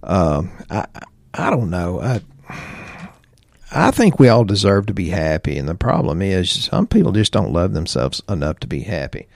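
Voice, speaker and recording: A man's voice: deep voice, very animated, normal speed, gravelly, darkish tone, no room sound. A man, co-hosting a health podcast in a folksy, rambling, joking way. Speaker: podcast co-host. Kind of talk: casual health podcast chat.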